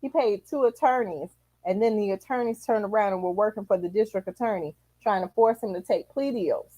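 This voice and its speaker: A woman's voice: medium pitch, a little fast, mellow, slight background noise, rough recording. Outspoken woman show host. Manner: outspoken, opinionated, joking. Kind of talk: casual talk show chat.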